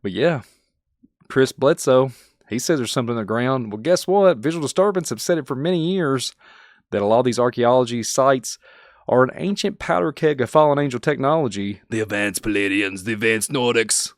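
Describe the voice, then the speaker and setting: A man hosting a conspiracy podcast, talking excitedly and folksy straight to his listeners. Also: mid-range voice, a little fast, dry recording, studio quality. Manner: animated, folksy, talks straight to the audience. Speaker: podcast host.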